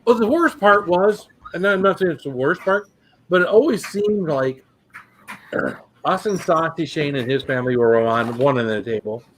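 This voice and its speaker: A man's voice: on the high side, expressive, normal speed, a bit bright, a little hiss or hum. Rambling middle-aged American man. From northern US. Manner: rambling, repeats words while searching for them. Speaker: channel host. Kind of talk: casual chat.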